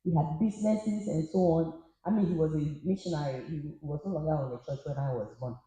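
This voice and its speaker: A woman speaks earnestly and thoughtfully about growing up. Her tone is mellow and dark. The very echoey conference hall lingers behind each phrase. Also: low voice, brisk. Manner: earnest and reflective. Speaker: panel guest. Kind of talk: personal testimony on a panel. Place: conference hall at a media summit.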